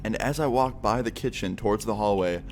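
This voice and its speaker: Young male vlogger, lowish voice, easygoing storyteller for a storytime video. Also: brisk, background noise. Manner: relaxed, loose, filler-heavy delivery. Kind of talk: casual storytelling.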